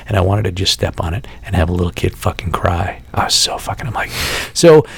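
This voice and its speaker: A podcast host in his forties rants casually and exasperatedly, swearing heavily, in a deep, gravelly voice full of vocal fry. He's expressive and fairly quick, sitting close to the mic in a dry room with no echo.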